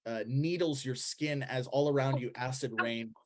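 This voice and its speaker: A man narrating a tabletop game as game master, pausing often with ums and uhs. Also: mid-range voice, noisy background.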